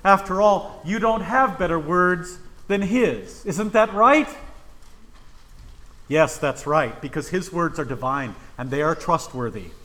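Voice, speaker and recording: A man's voice: fairly high pitch, lively intonation, a little slow, sharp tone. A male pastor preaching a sermon in church, emphatic and full of rhetorical questions.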